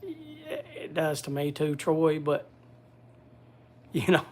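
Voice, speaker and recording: A man's voice: on the high side, big pitch swings, slow pace, slight background noise. A man casually chatting to viewers on a livestream, rambling with many restarts and scolding his pet. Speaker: livestream host.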